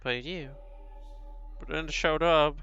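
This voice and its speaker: A man's voice: on the high side, measured pace, pushed and bright, clean tone, muffled recording, faint music behind. A man reading as a brooding beast who longs to be human. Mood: solemn. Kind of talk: reading a visual novel aloud.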